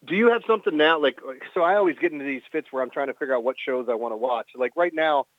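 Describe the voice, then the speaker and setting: A man co-hosting a casual chat, talking quickly and easily over a remote line. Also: fairly high pitch, no room sound. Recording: tinny phone-line sound.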